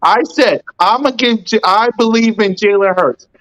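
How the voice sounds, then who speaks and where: This is a podcast host with a notably high voice. He argues his case emphatically and ticks off his points one at a time. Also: moderate pace, a bit bright, low-quality recording. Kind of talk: casual sports call-in debate.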